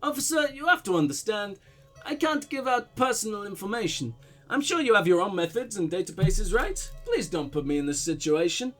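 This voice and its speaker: Pompous diplomat with a put-on Russian-German accent, suave and dodgy, voiced by a man; lively, high delivery. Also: brisk, soft background music. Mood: smooth, evasive. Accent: mock Russian-German blend. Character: smooth evasive male foreign diplomat, middle-aged.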